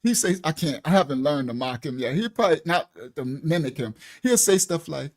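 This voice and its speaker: A man's voice: a little high, fairly quick. A man hosting a ministry channel, teaching viewers in a casual, colloquial monologue and often asking "right?". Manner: animated, repeats "right?" and "listen clearly", colloquial.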